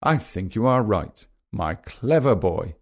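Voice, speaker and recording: A man voicing a calm, wise mother giraffe in a gentle storybook reading. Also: fairly low pitch, slow, creaky, exaggerated voice. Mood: tender.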